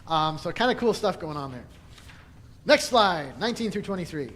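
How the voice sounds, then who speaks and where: A man's voice: high-pitched, lively intonation, moderate pace, fairly bright tone. Chatty man teaching in an echoey hall. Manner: chatty, laughs often, many restarts. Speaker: Bible study teacher. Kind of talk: casual teaching talk. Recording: echoey hall, faint noise.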